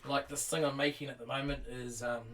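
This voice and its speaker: A man's voice: mid-range voice, little pitch movement, brisk, fairly bright tone, distant mic, soft background music. A man with a New Zealand accent chatting casually on a live stream, rambling with lots of fillers and restarts while he reads and answers chat. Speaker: Lego streamer. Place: home room full of Lego sets.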